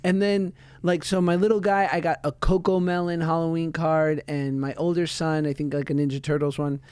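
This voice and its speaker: A man in his thirties co-hosts a podcast, spinning stories in casual conversation and animatedly acting out his kids' voices. His voice is fairly high, clear and resonant, a bit fast, and the recording is dry.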